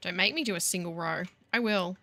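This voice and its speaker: A woman's voice: fairly low pitch, fairly quick, creaky, sharp tone. A woman giving casual gameplay commentary, wry and self-mocking, grumbling at the game as she builds. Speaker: gaming video host.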